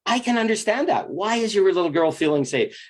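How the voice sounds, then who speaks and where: A man's voice: sits high, animated, fairly quick. A man giving a confessional monologue about relationships. He speaks intensely and bluntly, swears freely, and sounds earnest and emotionally open. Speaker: spiritual relationship coach.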